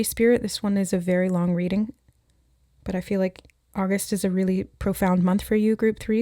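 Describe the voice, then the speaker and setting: A woman's voice: mid-range voice, warm tone, dry recording, studio quality. A woman giving an intuitive tarot reading, musing aloud and relaying messages as she receives them. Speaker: tarot reader. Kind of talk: intuitive card reading to camera.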